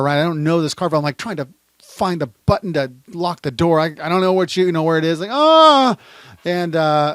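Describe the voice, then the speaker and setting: A man's voice: no room sound, clean studio sound. Man telling a story with dramatic reenactment. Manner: dramatic, acts out shouted quotes in a high voice. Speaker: private investigator. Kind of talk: animated storytelling, reenacting events. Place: indoors, standing.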